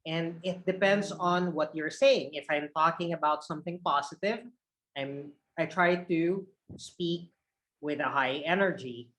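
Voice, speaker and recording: A man's voice: fairly high pitch, a little slow, low-quality recording. A man coaching call center trainees on a video call, shifting his energy up and down to show tone of voice. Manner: expressive, shifts energy up and down to demonstrate tone. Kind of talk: online training session.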